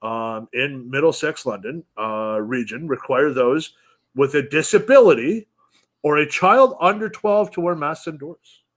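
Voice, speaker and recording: A man's voice: a little high, unhurried, fairly bright tone. A man hosting a casual podcast, ranting angrily and swearing heavily. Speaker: podcast host.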